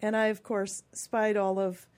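A woman in her fifties, a radio show guest, telling her own story in a chatty, expressive way and acting out quoted lines. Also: mid-range voice, measured pace. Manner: chatty and expressive, acts out quotes in lively voices.

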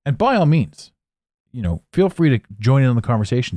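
A man's voice: mid-range voice, sing-song, fairly quick, dark tone, no echo, clean studio sound. A man hosting a solo podcast, rambling casually, swearing now and then and laughing at his own jokes. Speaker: podcast host.

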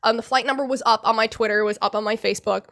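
Young woman guest, high bright voice, halting, restarts a lot, swears, emotional. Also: fairly even intonation, vocal fry. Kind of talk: personal account in a podcast interview.

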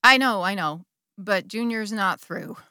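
Lady acting as a 50s church wife spilling her secrets to the bishop, wry, bright edgy voice, soft music behind. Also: medium pitch, a little slow. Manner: wry, candid and confessional, with sudden bursts of feeling. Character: middle-aged churchgoing wife confessing an affair to her bishop. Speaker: confessing church member. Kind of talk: dramatic monologue.

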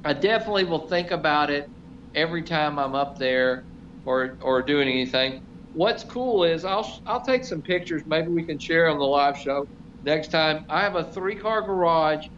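A man's voice: a little high, lively intonation, moderate pace, fairly bright tone. A middle-aged man telling a self-deprecating story in casual chat, rambling with many fillers. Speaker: show regular. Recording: slightly dull, faint noise.

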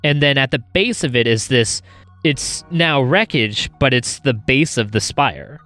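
A man narrating as game master of a tabletop role-playing game in a measured, descriptive way. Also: medium pitch, sharp tone, faint music behind.

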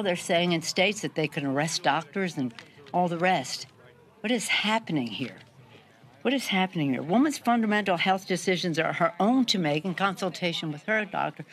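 A woman delivering a forceful, declamatory political speech. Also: on the low side.

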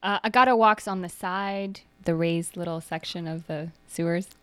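A woman at a tabletop game, playful with quick quips. Her voice is clear, and the sound is dry and close. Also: lowish voice, fairly bright tone, no room sound. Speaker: player. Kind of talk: casual tabletop play.

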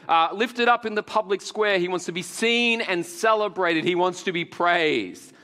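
Jokey male pastor, slightly high and animated, in a hall with long reverb. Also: unhurried, long pauses. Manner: animated, jokey, laughs often. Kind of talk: sermon. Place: large hall with audience.

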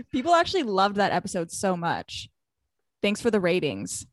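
A woman's voice: medium pitch, huge pitch swings, no echo. A woman hosting a casual podcast, teasing and bossy with her guest. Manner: teasing, bossy, quick-witted. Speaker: podcast host.

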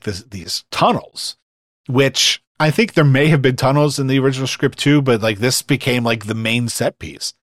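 A man with a mid-pitched voice chats eagerly about a movie, leaning on "like" and "you know" at every turn. The sound is dry and close to the mic. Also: dry recording. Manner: enthusiastic, heavy use of "like". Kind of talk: casual film discussion.

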